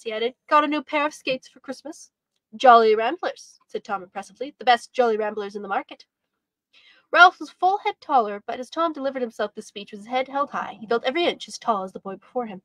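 A woman teacher reads a storybook aloud with an expressive, measured delivery. Her voice sits fairly high. The recording is close and dry. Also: no echo. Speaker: homeschool teacher.

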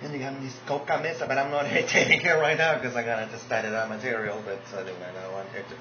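A man's voice: fairly low pitch, steady tone, fast. A man casually chatting between his impressions, offhand and self-deprecating. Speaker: vlogger doing impressions. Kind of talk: casual chat. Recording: dull roomy recording with hiss.

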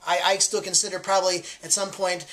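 A woman's voice: on the low side, little pitch movement, brisk, fairly bright tone. A woman hosting a sports card giveaway in a casual vlog, talking eagerly with lots of fillers and self-corrections.

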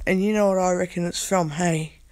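A woman with a hoarse, croaky voice, chatting casually in a vlog from her bed, recorded on a phone. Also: fairly low pitch, fairly even intonation, a little fast, a little mellow. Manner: rambling, chatty. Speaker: vlogger. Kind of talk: casual chat. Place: in bed at home.

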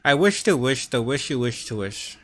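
A vlogger with a stutter and a lisp practices tongue twisters on camera in a room at home, wearing earphones and repeating sounds when he stumbles over words. His voice is medium in pitch with big swings, and he speaks at normal speed.

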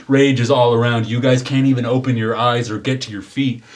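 A man's voice: mid-range voice, little pitch movement, normal speed. A man running a tabletop game as game master, narrating the scene in vivid detail and often chuckling at his own descriptions.

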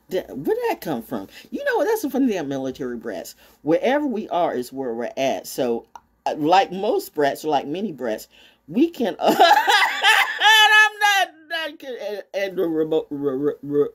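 A woman broadcaster ranting off the cuff in a brash, profane way, sliding from low mutters to loud squeals. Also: slightly rough. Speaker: voice actor and broadcaster. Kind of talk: off-the-cuff rant and freestyle.

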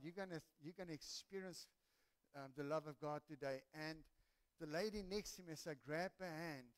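A man telling a lively testimony as a preacher in a church sermon, building to excited shouts. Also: high-pitched. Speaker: pastor.

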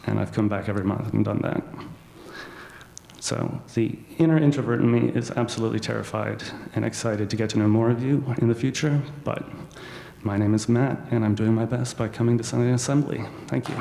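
A man's voice: medium pitch, fairly even intonation, fairly quick, gravelly, mellow. A man giving an earnest, self-deprecating personal talk to an assembly. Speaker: assembly speaker. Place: large hall. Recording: echoey hall reverb.

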